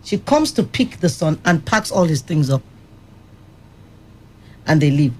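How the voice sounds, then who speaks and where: Her husky, low voice has a darkish tone and a sing-song lilt, and she takes her time. On a radio panel, the rehab center director recounts stories in a firm, vivid way.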